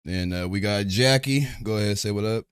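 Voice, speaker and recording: A man's voice: lowish voice, a little fast, smooth, dry recording, clean studio sound. A man hosting a loose, rambling podcast, chatting casually and swearing freely. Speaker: podcast host. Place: home streaming setup.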